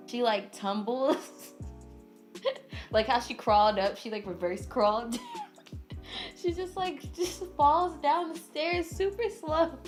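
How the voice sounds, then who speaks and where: Animated young woman telling a story. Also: high voice, takes it slowly, pauses often, soft background music. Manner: animated, heavy use of "like", dramatic re-enactment. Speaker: vlogger. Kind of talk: casual storytime narration.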